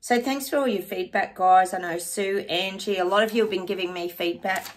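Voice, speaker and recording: A woman's voice: mid-range voice, brisk, slight background noise. A woman, hosting her own psychic channel and chatting casually and effusively to her viewers.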